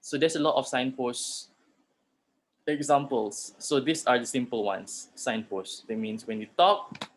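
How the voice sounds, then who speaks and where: Malaysian guy teaching an online class, mid pitch, mixing english and malay, talking students through examples. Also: unhurried. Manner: mixes English and Malay, explains with spoken examples. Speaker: lecturer. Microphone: computer mic in an online class.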